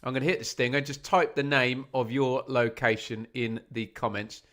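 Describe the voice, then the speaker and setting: A man's voice: medium pitch, steady tone, moderate pace, a bit bright. A man hosting a live football watch-along, talking casually to his viewers. He chats loosely, reads out their locations one after another, and makes fun of himself along the way. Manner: chatty, reads out viewer locations, self-mocking. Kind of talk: casual live-stream chat.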